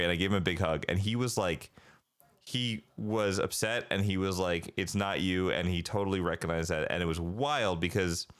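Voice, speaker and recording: Man, forties, low-pitched, rambling, filler-heavy, casual podcast chat. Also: a bit bright. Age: 40s. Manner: rambling, many fillers and restarts. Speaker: podcast co-host.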